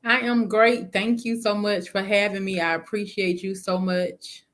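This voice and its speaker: A woman's voice: medium pitch, steady tone, a little slow, a bit bright. A woman in her thirties from Memphis with a Southern accent, a guest telling her business story in a frank, casual way. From Memphis, Tennessee. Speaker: guest, spa business owner. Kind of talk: interview storytelling.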